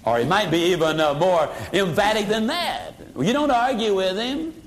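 Folksy older man, high voice. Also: lively intonation, moderate pace. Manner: folksy, drops his voice for emphasis. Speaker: sales trainer. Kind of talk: motivational seminar talk.

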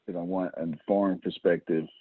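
A man's voice: low-pitched, little pitch movement, a little fast, no echo. A man hosting a casual business team meeting, joking and laughing as he gives out tasks. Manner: laughing, joking, repeats himself. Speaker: host leading a team meeting. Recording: tinny phone-like line.

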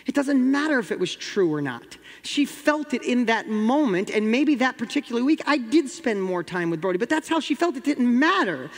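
A man's voice: extremely high pitch, very animated, normal speed, hardly any pauses, in a large hall. A middle-aged man from New York with a New York accent, telling a motivational story as a guest and acting out the dialogue with rising intensity.

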